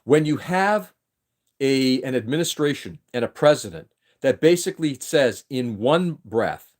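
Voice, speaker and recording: A man's voice: mid-range voice, very animated, unhurried, a little mellow. A man from New England hosting a casual livestream, ranting with strong opinions and frequent restarts. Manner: opinionated, emphatic, restarts sentences often. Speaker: livestream host. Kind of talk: casual political rant on a livestream.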